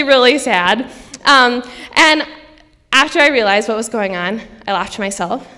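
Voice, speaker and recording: A woman's voice: fairly high pitch, a little slow, sharp tone. Chatty young woman telling a story on stage. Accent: Upper Midwest American. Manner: conversational, many ums and likes. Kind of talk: live personal storytelling. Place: stage in a hall with an audience. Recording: live stage recording with long hall reverb.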